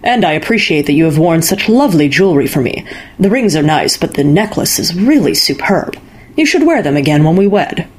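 A woman voicing a smug, possessive older man courting a young woman, in a husky voice. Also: sits low, sing-song, a little fast, darkish tone, exaggerated voice. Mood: presumptuous. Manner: smooth, presumptuous. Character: smug old hero suitor, possessive man.

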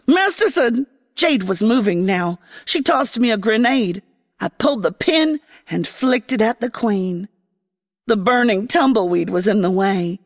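Slow, expressive woman storyteller. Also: a little high, big-room sound. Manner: expressive, dramatic, voicing a young girl. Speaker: story narrator. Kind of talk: scripted story reading in first person.

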